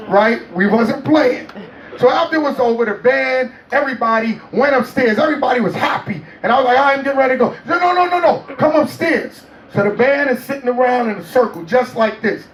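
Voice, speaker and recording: A man telling a story in an interview, animated and laughing often as he acts out what people said. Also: very high-pitched, reverberant, recorded from a distance, slight background noise, low-quality recording. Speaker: interview guest.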